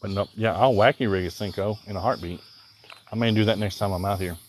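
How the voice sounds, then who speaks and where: A man's voice: fairly low pitch, fairly even intonation, fast. A man from Southern Illinois with a mild Southern accent, chatting casually and rambling on a live stream while fishing outdoors. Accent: Southern American. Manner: rambling, easygoing, thinks aloud, reads out viewer comments. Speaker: livestreaming angler. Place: outdoors by the water.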